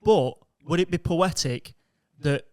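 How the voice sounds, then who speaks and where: A man's voice: on the high side, takes it slowly, darkish tone. A man co-hosting a podcast, eagerly jumping in to redirect an improvised comic story. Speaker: podcast co-host. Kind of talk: improvised comedy chat.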